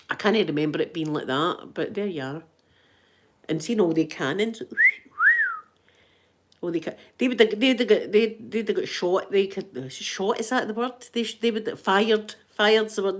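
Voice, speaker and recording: A middle-aged woman with a Scottish accent, chatting casually to camera in a rambling, laughing way. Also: mid-range voice. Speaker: vlogger. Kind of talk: casual chat.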